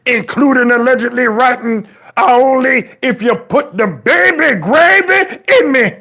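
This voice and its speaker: A man's voice: very high-pitched, a little slow, creaky, exaggerated voice. A man playing a preachy, outraged elderly father who scolds and swears in a comedic rant. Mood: indignant. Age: older. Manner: exasperated scolding, preachy, swears, shouts at times.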